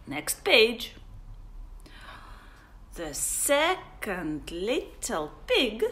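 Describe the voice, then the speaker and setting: A woman's voice: on the high side, big pitch swings, very slow, a bit bright, a little hiss or hum. A woman, an English teacher playfully reading a picture book aloud to young children, with sound effects and whispers. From Russia. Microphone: phone on a livestream.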